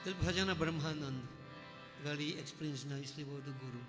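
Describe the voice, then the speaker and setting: Guy giving a sermon, kinda high voice, folksy joking stories, echoey hall with a bit of music. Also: fairly quick. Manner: folksy storytelling with jokes. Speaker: religious leader.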